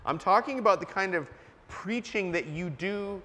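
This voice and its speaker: A man's voice: sits high, expressive, normal speed, bright, forceful tone. A man preaching a sermon in a church, earnest and emphatic, stopping to cough now and then. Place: church sanctuary. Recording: long church reverb.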